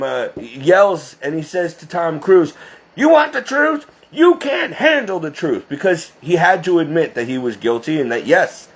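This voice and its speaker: A man talking straight to his viewers in an impassioned religious monologue, emphatic and scolding. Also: sits high. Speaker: Catholic video blogger.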